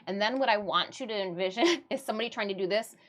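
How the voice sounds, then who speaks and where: A woman's voice: medium pitch, quick pace, a bit bright. A woman from Michigan chatting casually on a livestream, chatty and self-mocking, often breaking into giggles. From Michigan, USA. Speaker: livestreamer and artist.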